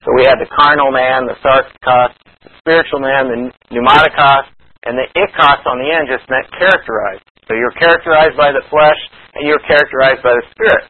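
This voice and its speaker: A man teaching a verse-by-verse Bible study lesson, explaining carefully with fillers and reading scripture aloud slowly. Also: mid-range voice, husky. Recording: tinny phone-like lo-fi recording.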